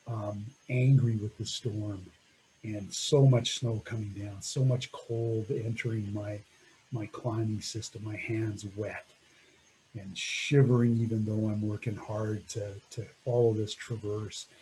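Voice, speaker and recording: Mellow-voiced man recounting a climb. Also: on the low side, flat delivery, a little slow, slight background noise, low-quality recording. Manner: reflective, laughs often, trails off. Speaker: mountaineer telling a climbing story. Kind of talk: storytelling talk over slides.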